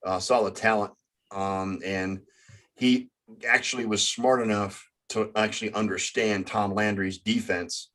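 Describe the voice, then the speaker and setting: A man hosting a casual sports talk show, halting and often stumbling over his words. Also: on the low side, steady tone, fairly bright tone. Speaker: sports podcast host.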